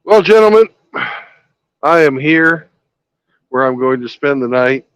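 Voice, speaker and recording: A man's voice: mid-range voice, fairly even intonation, unhurried, fairly bright tone, clean tone, dry recording, muffled recording. A man hosting a livestream from his parked truck, chatting in a laid-back way and swearing casually. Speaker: livestream host, truck driver. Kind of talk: casual chat.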